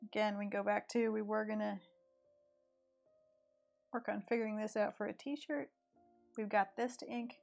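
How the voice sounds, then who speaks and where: A woman's voice: mid-range voice, fairly even intonation, moderate pace, gravelly, long pauses, a little mellow. A woman with a rural East Tennessee accent, chatting casually and thinking aloud while she draws on a live stream. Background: faint background music.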